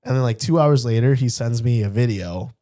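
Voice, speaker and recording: A man's voice: mid-range voice, brisk, warm tone. A man co-hosting a casual podcast chat, a bit sick, with a nasal voice and a cough, laughing as he tells stories. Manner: laughs while telling stories. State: sick with a cough and stuffy nose. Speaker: podcast co-host.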